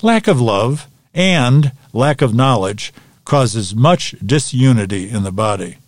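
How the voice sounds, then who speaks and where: A man leads a Bible study lesson at a steady, measured pace, reading questions and giving the answers one by one. His voice sits in a middle range. The sound is dry and close, with no room echo. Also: mid-range voice.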